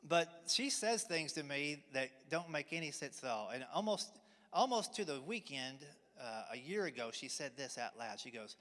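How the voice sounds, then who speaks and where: A man in his forties delivers a folksy stand-up routine with an unhurried, drawling storyteller's manner. His voice sits a little high for a man. The sound rings with the long reverb of a big church hall. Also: animated, bright, forceful tone. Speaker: stand-up comedian. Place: church hall, live audience.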